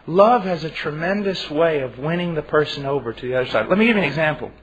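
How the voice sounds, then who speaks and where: A man preaching a sermon in an earnest, emphatic way, with halting restarts. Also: fairly high pitch, lively intonation, breathy edge. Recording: dull lo-fi recording.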